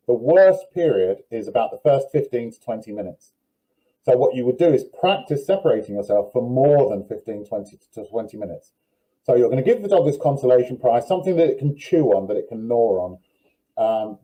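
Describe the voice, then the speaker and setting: A man's voice: medium pitch, mellow, poor audio. A man working as a dog trainer, giving direct, firm advice in a live question-and-answer session over a video call.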